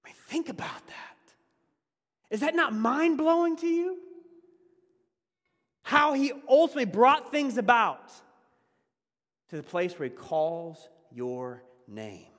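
A man preaching a conversational sermon as a pastor, laughing often and swinging between loud emphasis and hushed asides. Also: extremely high pitch, very animated, takes it slowly, pauses often, long reverb tail.

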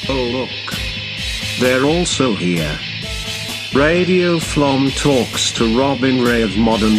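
A man narrating a segment introduction in a scripted way. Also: medium pitch. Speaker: show narrator. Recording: guitar music clearly behind.

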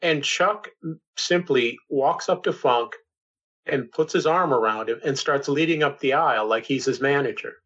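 Bright-voiced, meandering storytelling man. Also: mid-range voice, normal speed. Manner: loose, meandering, full of fillers. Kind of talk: casual storytelling chat. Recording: slightly dull sound.

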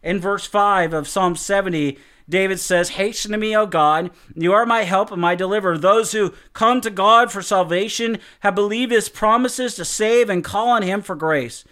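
A man giving an earnest, measured Bible teaching and reading scripture quotes in a sermon style. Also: sits high, a bit bright.

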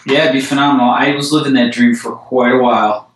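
A man co-hosting a casual hobby podcast over a video call, relaxed and agreeable with hesitant fillers. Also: medium pitch, fast talker, roomy sound, low-quality recording. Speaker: podcast co-host.

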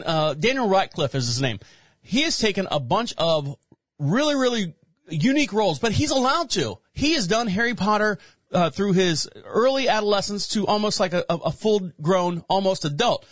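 A man's voice: high-pitched, big pitch swings, moderate pace, a bit bright, no echo. A man hosting a show, reading news headlines and rambling jokingly about them in casual commentary. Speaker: show host.

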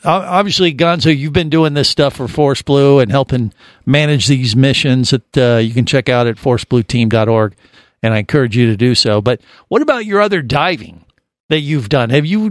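A man's voice: on the high side, normal speed, dry recording, studio quality. A man hosting a casual radio chat show, teasing his guests with jokes. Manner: joking, teasing banter.

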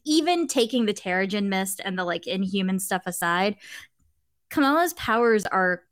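A woman author as a guest in a casual chat, excited and talkative. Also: medium pitch, moderate pace, dry recording. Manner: excited, chatty, many likes.

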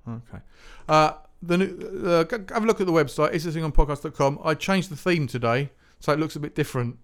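A man's voice: a little high, fast. A man hosting a music podcast, talking in a rambling, chatty, self-mocking way with lots of restarts. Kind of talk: casual solo podcast chat.

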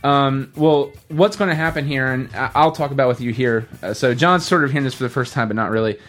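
A man's voice: mid-range voice, brisk, soft background music. Rambling man hosting a casual podcast. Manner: rambling, animated storytelling with many restarts. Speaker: podcast host.

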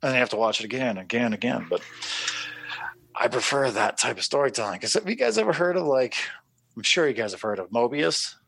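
A man co-hosting a podcast, chatting casually and telling animated stories, swearing and acting out his own reactions. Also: medium pitch, fairly quick, vocal fry, slightly rough, dry recording. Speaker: podcast co-host. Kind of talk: casual chat.

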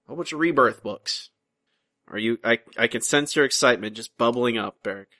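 Bright-voiced man hosting a comics podcast. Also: mid-range voice, fairly quick. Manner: chatty, teasing, trails off and restarts. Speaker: podcast host. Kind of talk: casual comics podcast chat.

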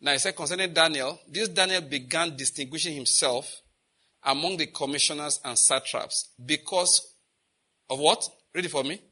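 A man's voice: on the high side, normal speed, sharp tone. A man teaching a sermon on prayer, leading his congregation to repeat lines after him and breaking into fervent prayer. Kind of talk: sermon with call-and-response.

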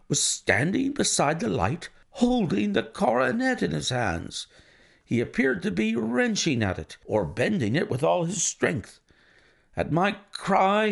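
A man narrating a classic detective story in a measured, formal first-person telling. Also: sits high, gravelly. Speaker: audiobook reader.

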